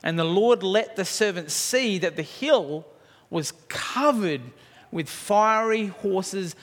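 A man's voice: high voice, expressive, slow, a bit bright. A man preaching a sermon, telling a story vividly and asking rhetorical questions, in a church hall. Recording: long hall reverb.

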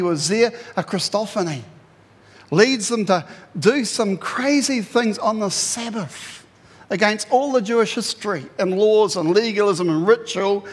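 High-voiced pastor preaching in a hall. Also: male voice. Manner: animated storytelling, acts out quotes with sudden loud bursts. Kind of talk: sermon. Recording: long hall reverb.

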